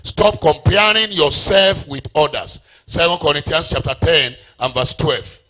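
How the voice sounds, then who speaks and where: Middle-aged Nigerian male preacher, forceful bright tone, sing-song delivery that calls on the congregation. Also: on the high side, measured pace. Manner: call-and-response preaching, sings phrases. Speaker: pastor. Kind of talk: sermon.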